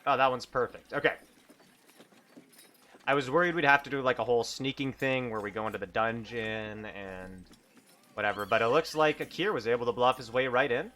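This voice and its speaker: A man's voice: medium pitch, a little fast, bright, forceful tone. A man narrating a solo tabletop game on stream, thinking aloud and chatting in a self-amused way. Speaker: solo game master and player.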